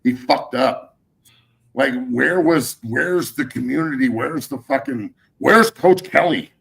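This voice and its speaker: A man's voice: mid-range voice, slow, creaky. A middle-aged man hosting a sports talk show, ranting in a heated, profane way and getting fired up. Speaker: podcast host.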